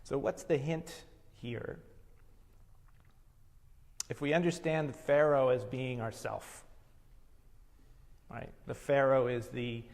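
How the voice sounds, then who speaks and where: A man teaching a meditation lesson, explaining slowly and reflectively. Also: mid-range voice, fairly even intonation, vocal fry, darkish tone. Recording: long hall reverb.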